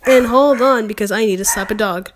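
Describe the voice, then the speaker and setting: A woman voicing a smug male lover from a fan story, speaking loud and mock-soothing. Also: fairly high pitch, fairly quick, background noise, close to an everyday voice.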